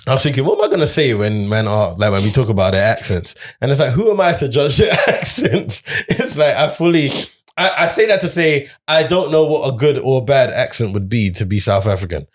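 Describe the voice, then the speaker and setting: A man's voice: medium pitch, expressive, brisk, few pauses. A young man co-hosting a film review show, talking easygoing and teasing in casual chat. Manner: easygoing, teasing banter with slang.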